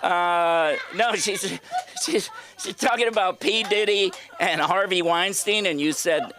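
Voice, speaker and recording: A man's voice: high-pitched, a little slow, pushed and bright, slight background noise. A middle-aged man doing open-mic stand-up on a comedy club stage, rambling, profane and talking straight to the crowd.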